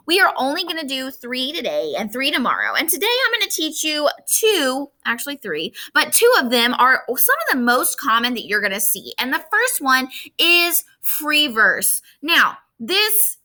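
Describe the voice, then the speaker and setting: Bright, lively woman teaching a lesson. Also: on the high side. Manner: lively, emphatic, talks straight to students. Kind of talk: recorded classroom lesson.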